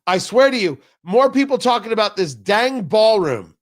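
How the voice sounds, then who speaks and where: A man's voice: sits high, big pitch swings, moderate pace. A male radio talk show host giving opinionated political commentary from the studio, full of sarcastic, riffing asides.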